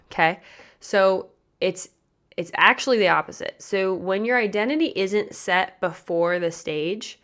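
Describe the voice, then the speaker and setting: A young woman hosting a motivational podcast as a pageant coach, chatty and energetic, often asking her listeners questions. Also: mid-range voice, moderate pace. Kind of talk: motivational solo podcast talk.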